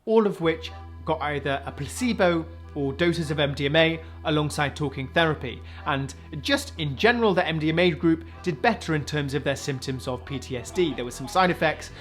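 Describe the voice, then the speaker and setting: A man's voice: on the high side, animated, fairly quick, a bit bright, soft background music. A man in his twenties, a junior doctor and comedian, hosting a comic science news roundup with sarcastic asides. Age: 20s.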